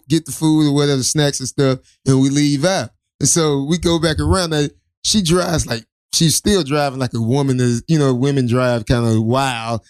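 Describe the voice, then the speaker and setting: Man, casual rambling storyteller, raised pitch, dry close mic. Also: clear, resonant tone, no room sound. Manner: loose, profane, rambling storyteller with many restarts. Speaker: co-host.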